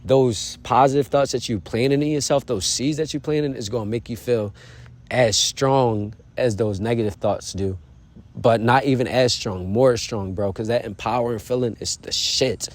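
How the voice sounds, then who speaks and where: A man's voice: medium pitch, moderate pace. A man vlogging in a casual, earnest, motivational way, with loose slang and frequent asides to the viewer. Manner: loose slangy delivery, says "bro" and "you feel me" often; earnest, encouraging. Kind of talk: casual motivational self-talk.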